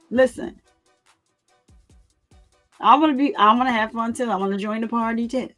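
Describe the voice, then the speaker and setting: A woman hosting her own channel, speaking casually to her viewers in an animated way, repeating phrases and laughing often. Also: on the high side, normal speed, long pauses, faint music behind. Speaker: commentary channel host.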